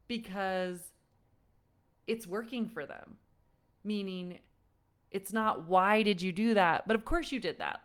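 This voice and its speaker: Leading an online class for parents, a woman parenting coach with a mid-range voice stays animated, frequently laughing while acting out frustrated parents.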